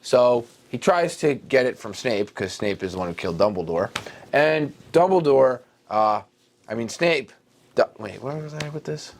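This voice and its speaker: A man co-hosting a podcast, retelling a story in an animated, mock-dramatic way with big swings in his voice. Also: mid-range voice, moderate pace. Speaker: podcast co-host. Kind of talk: comedic casual retelling.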